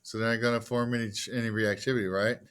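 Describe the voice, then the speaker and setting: A man's voice: fairly low pitch, level tone, fast, fairly bright tone, slight background noise. Man lecturing, quizzing the class. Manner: asks the class questions and answers them himself; casual, jokey asides. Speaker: teacher.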